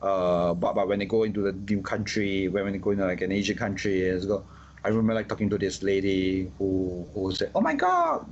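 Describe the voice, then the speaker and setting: A Singaporean man in casual conversation, talking in an animated way with many restarts and repeated words. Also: sits low, fairly quick, lo-fi sound, a little hiss or hum. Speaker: guest.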